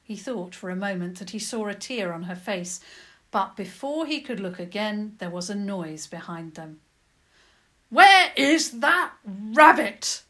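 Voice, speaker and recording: A woman narrating a children's adventure story in a lively, expressive storytelling manner. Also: mid-range voice, moderate pace.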